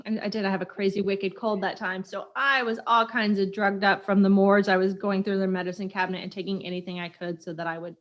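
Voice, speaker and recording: A woman from Kansas City hosting a podcast in casual chat, upbeat and quick to laugh. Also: medium pitch. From Kansas City, USA. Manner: upbeat, chatty, laughs easily. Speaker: podcast host.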